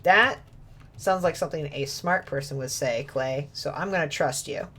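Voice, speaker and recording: A woman's voice: deep voice, moderate pace, a bit bright, slight background noise. A woman streaming a video game from home, chatting and joking with viewers and her dog, laughing often. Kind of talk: casual gaming stream chat. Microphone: desk mic with webcam.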